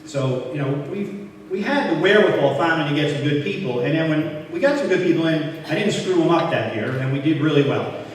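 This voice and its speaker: A man's voice: fairly high pitch, expressive, a little fast, distant mic. Older man telling stories in an echoey hall. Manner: anecdotal, self-deprecating, quoting others in dialogue. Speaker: hall of fame inductee speaker. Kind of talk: storytelling speech.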